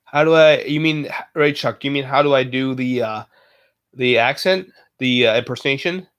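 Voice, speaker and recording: A man livestreaming, chatting casually with viewers in a halting way, full of fillers and self-corrections. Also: mid-range voice, a bit bright. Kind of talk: casual live chat.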